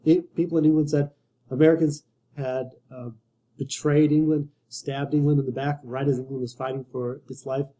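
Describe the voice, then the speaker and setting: A man's voice: fairly high pitch, level tone, normal speed, mellow, poor audio. A man giving a casual history lecture to students, conversational and wry, often restarting his sentences. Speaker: history teacher.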